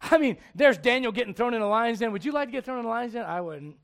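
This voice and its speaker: A man preaching a casual storytelling sermon, joking and chatty, dropping to a hush and then rising loud. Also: very high-pitched, expressive, fast talker. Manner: conversational, joking, swings from hushed to loud. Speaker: pastor.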